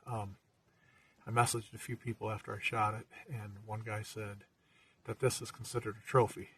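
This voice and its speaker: Out in the woods, a hunting vlogger chats casually about his hunt in a relaxed, easygoing way, full of fillers. He has a lowish voice and is filmed by someone else holding the camera at a distance, so he sounds somewhat far off, with a little hiss or hum.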